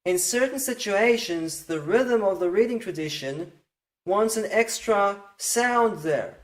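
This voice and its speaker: A teacher giving a methodical lesson on Hebrew pronunciation, slowing down to sound out each word. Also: medium pitch, animated. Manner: patient, methodical, slows down to sound out words. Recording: roomy echo.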